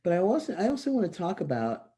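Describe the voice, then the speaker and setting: A panel moderator who speaks earnestly and frankly, framing questions with personal examples over a video call. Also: male voice, high-pitched, huge pitch swings, fast talker, dark tone, husky. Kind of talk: panel discussion.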